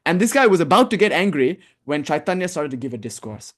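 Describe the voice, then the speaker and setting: A man giving a casual, animated spiritual lecture, telling stories and acting out what people say. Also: on the high side, quick pace. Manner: animated storytelling, casual, acts out quotes. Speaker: spiritual teacher.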